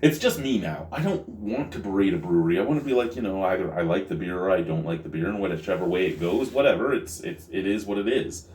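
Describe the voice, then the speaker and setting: An exasperated man rants through a casual beer review, swearing and circling back to the same complaints. His pitch swings widely. He sits back from the mic in a roomy space with faint noise behind him. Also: expressive, fast, few pauses, a little mellow, far from the mic. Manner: exasperated, swearing, repeating himself. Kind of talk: casual video review rant.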